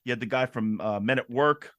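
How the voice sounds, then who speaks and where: A man co-hosting a podcast, telling stories in an excitable, animated casual chat. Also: mid-range voice, brisk, no room sound, clean studio sound. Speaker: podcast co-host.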